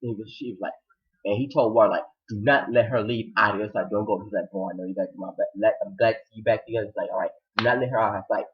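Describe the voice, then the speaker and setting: A man giving an animated recap of a TV episode, acting out the characters' lines with sudden high-pitched outbursts. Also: racing, dull audio. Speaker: TV episode reviewer.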